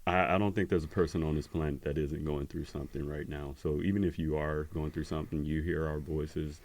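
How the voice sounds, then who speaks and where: A man hosting a podcast in casual conversation, earnest and encouraging, speaking with pauses. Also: rumbling low, flat delivery, a little mellow. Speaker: podcast host.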